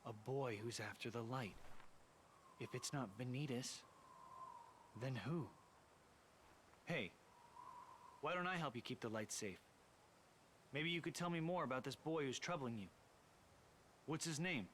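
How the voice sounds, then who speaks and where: An actor playing an earnest, brooding young warrior in a video game, speaking in terse, low lines. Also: male voice, measured pace, pauses often, fairly bright tone, slight background noise, close to an everyday voice. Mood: probing.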